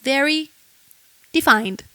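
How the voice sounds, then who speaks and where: Over loud music, a woman with a high voice and lively intonation speaks slowly as she gives a singing lesson. She explains technique and then sings short lines to demonstrate it.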